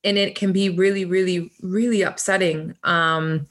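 A woman in her thirties speaks in a slightly low voice during a casual conversation. She talks reflectively, often pausing and restarting as she works through her thoughts. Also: steady tone, fairly bright tone. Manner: hesitant, many restarts and fillers. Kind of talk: casual chat.

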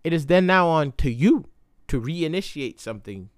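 A young adult man hosting a casual solo podcast, talking in slang and jumping into loud, high voices when he acts out other people. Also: lively intonation, moderate pace, dry recording, studio quality. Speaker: podcast host. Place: indoor room.

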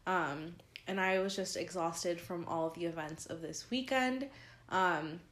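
A woman's voice: lowish voice, measured pace, fairly bright tone. Young woman, podcast co-host, chatty, filler-heavy, tired, roomy echoey recording. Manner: chatty storytelling with many likes and ums. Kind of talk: casual chat. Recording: roomy echo.

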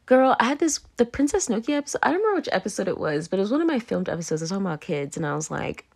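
A woman's voice: mid-range voice, very animated, rapid-fire, vocal fry, a little mellow. A tipsy woman hosting her own podcast, rambling loosely in a casual monologue and breaking off with "anyway, moving on" as she laughs and slips into whispers. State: tipsy, drunk. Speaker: podcast host.

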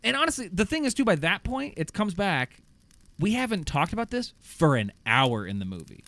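A man chatting casually on a podcast as he walks through a film's plot. He rambles and restarts, swears freely, and acts out bits of dialogue with lively energy. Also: high-pitched, normal speed, no echo. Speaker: podcast co-host. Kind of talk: casual movie recap chat.

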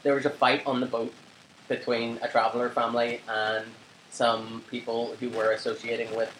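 Here a young podcast co-host meanders through a lengthy anecdote, chatting casually with frequent curses and laughter. His mid-range voice is a bit bright, holds a moderate pace, and barely shifts in pitch. The setting is a flat, captured as a roomy home recording with faint ambience and a little background noise.

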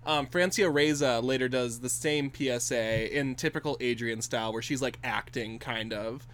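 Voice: medium pitch, moderate pace, fairly bright tone. A podcast co-host in casual recap chat, opinionated and getting riled up while arguing a point.

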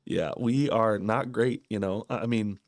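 A man's voice: fairly low pitch, measured pace, dry recording, clean studio sound. A man in his thirties co-hosting a casual parenting podcast, candid and earnest, laughing at his own shortcomings. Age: 30s. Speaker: podcast co-host.

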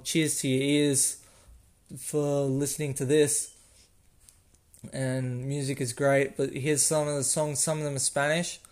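A man's voice: medium pitch, darkish tone. A young Australian man hosting a casual solo podcast, rambling, losing his train of thought and correcting himself with small laughs. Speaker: podcast host.

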